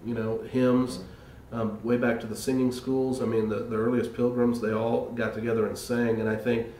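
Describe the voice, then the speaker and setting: A man's voice: medium pitch, little pitch movement, moderate pace, warm tone, far from the mic, slight background noise. A man earnestly telling stories about his church upbringing in an interview. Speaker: choir member. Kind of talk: reflective interview talk. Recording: roomy, off-mic with faint ambience.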